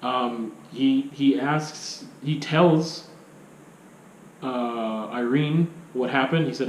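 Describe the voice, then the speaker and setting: A man's voice: medium pitch, slow, roomy sound, a little hiss or hum, poor audio. A man giving a casual film review, rambling, with many restarts and rhetorical questions.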